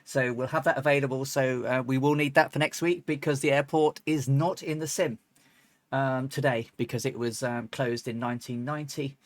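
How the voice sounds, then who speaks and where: A woman's voice: a bass voice, fairly even intonation, moderate pace, dry recording. A woman streaming a flight simulator, chatting casually and rambling with lots of ums and restarts, now and then breaking into laughs. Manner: bursts into laughs and chants. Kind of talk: casual live-stream chat.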